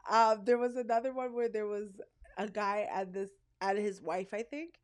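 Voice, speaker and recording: A woman from Canada co-hosting a podcast, telling stories in a candid, animated, casual way. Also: medium pitch, moderate pace. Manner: candid, animated storyteller who slips into voices. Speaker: podcast co-host. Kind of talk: casual chat.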